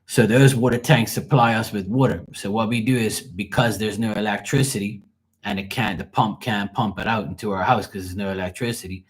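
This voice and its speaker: A young man, telling a casual, profane and animated story on his livestream. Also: on the low side, a little fast, husky. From Bermuda. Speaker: livestream host.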